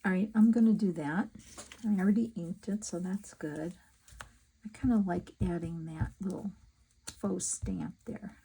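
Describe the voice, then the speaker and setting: A middle-aged woman chatting casually to her viewers while she works on a craft project, talking to herself in soft asides. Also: lowish voice, a little slow, creaky, breathy edge, low-quality recording. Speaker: crafting vlogger.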